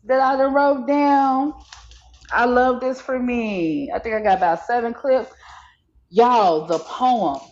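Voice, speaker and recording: A woman's voice: on the high side, measured pace, darkish tone. A woman hosting a casual podcast chat, dry and drawling. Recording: dull, lo-fi sound.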